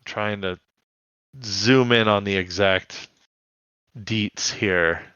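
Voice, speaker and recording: Bright-voiced man chatting casually. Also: fairly low pitch, steady tone, very slow, clear, resonant tone, dry recording, dull audio. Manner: chatty, profane, laughs often. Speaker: podcast co-host. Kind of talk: casual chat about a cartoon episode.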